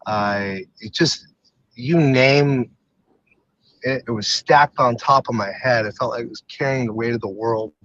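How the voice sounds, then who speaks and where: A man's voice: mid-range voice, measured pace, fairly bright tone, no echo, lo-fi sound. A man, a retired fighter, talking candidly as a podcast guest, stopping and restarting often with many fillers. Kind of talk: candid personal storytelling.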